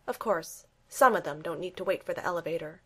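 A woman's voice: on the low side, a little fast, lightly acted. A woman reading the part of a cocky, flippant man in an armored suit.

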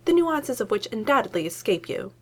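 A woman voicing a fussy, grumbling male academic, low and clipped. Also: sing-song, a little fast, darkish tone.

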